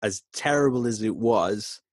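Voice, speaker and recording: A man's voice: fairly low pitch, unhurried, no echo, studio quality. A man, an actor and voice actor, talking in earnest, reflective casual conversation, often restarting his sentences. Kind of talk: casual chat.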